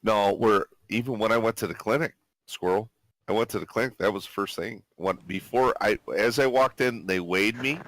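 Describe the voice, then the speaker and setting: Low-voiced, foul-mouthed man in his forties. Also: moderate pace, a bit bright, no room sound. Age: 40s. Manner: swears constantly, laughs, acts out quotes. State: recovering from illness, coughing. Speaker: gamer chatting with squadmates. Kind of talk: casual profane storytelling.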